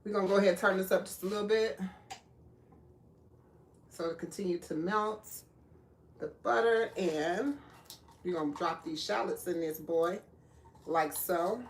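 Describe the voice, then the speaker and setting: A woman's voice: on the low side, a little slow, pauses often, slight background noise. A woman hosting a live cooking stream, chatting casually with viewers and laughing often. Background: clinking dishes and cutlery.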